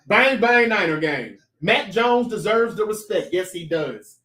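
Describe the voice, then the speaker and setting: A man hosting a casual sports talk livestream, chatty and animated, reading viewer comments aloud and talking straight to his chat. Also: high-pitched, measured pace, reverberant, far from the mic, rough recording.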